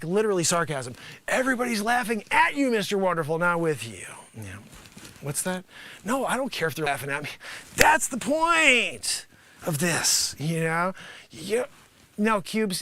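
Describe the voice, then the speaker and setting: Improvising a sarcastic mock sales pitch on a live stream, a man speaks in a sharp, bright, high voice. His delivery is animated and full of filler, with wild pitch swoops and sudden loud bursts.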